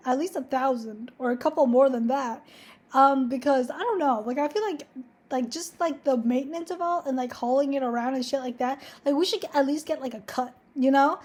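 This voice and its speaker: A woman's voice: high-pitched, darkish tone. A young woman telling a story to camera in a casual, chatty way, swearing freely and filling her talk with "like". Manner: chatty, profane, heavy use of 'like'. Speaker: vlogger.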